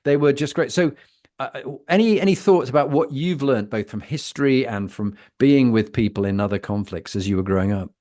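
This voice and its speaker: A man from Britain hosting a conversational interview, telling stories in an animated way with long wind-ups before his question. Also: mid-range voice, a little fast. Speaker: host.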